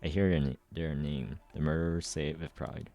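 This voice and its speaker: A man's voice: very deep voice, steady tone, moderate pace, dull audio, over music. A man reading a frightened young schoolgirl fleeing a burning city, in a tense inner monologue. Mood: shaken. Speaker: reader. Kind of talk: amateur story readthrough.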